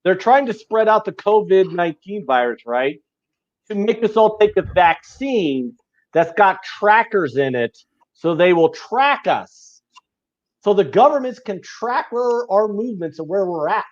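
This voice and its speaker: A man co-hosting a casual podcast, ranting with heated profanity and shouting. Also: sits high, animated, unhurried. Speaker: podcast co-host. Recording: muffled lo-fi audio.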